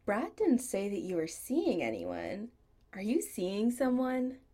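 A woman's voice: mid-range voice, huge pitch swings, takes it slowly, warm tone, full character voice. A woman voicing a flamboyant male goth punk shop owner who teases and bosses his friend fondly. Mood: bossy. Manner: fond and bossy teasing.

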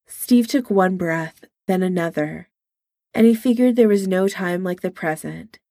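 A woman reads a story in a slow, unhurried way, and her voice is low, mellow and full of gravelly fry. The recording is dry and close. She stays soft and intimate, with only light changes of voice for the characters. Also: no echo. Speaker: reader. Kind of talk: audiobook-style story reading.

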